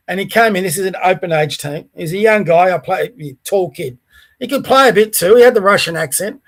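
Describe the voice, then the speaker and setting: A middle-aged Australian man giving a blunt, coarse, opinionated solo rant as a podcast host. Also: sits high. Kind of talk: ranting solo commentary.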